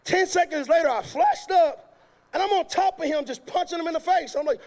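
A man preaching a sermon, telling a funny story in a lively, colloquial way that turns loud at times. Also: very high-pitched, fairly quick.

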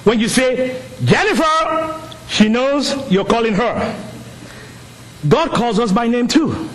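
A middle-aged man, not a native English speaker, preaching a sermon with animated storytelling that rises to shouts. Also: extremely high pitch, slow, a little hiss or hum. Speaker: pastor.

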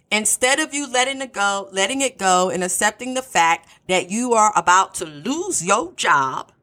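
Woman, bright voice, true crime narration, blunt asides. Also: on the high side. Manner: opinionated, talks straight to the listener.

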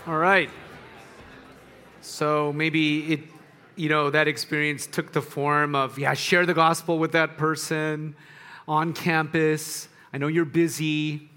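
A man delivers a sermon in a loose, conversational way. His voice sits a little high for a man, and he often restarts a sentence mid-thought as he works toward his point. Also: flat delivery, slow, pushed and bright, smooth. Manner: conversational, searching for words with restarts. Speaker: pastor.

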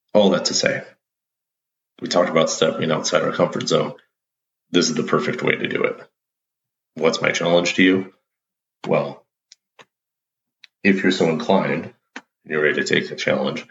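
Roomy, muffled lo-fi audio captures a man with a very deep, creaky voice hosting his show, plus a little hiss or hum. He's telling a playful tale in an easygoing, upbeat solo talk.

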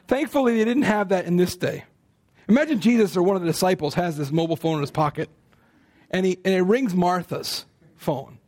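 A middle-aged man delivering a sermon from the pulpit. His voice sits fairly high, and he preaches in a chatty, easygoing way, slipping in playful asides and stories. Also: darkish tone. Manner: conversational, playful asides and laughs. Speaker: pastor.

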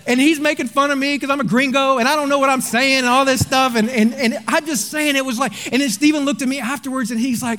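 A male pastor delivers a sermon in a strikingly high voice. He tells stories with animated energy and then slows into quiet, earnest appeals. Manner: animated storytelling, drops to quiet earnest tones.

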